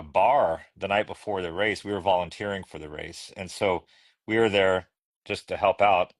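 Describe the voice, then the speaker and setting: A man's voice: sits low, no echo. A middle-aged man, a children's book illustrator, telling casual anecdotes as a podcast guest, chatty and laughing, often restarting his sentences. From United States. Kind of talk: casual storytelling conversation.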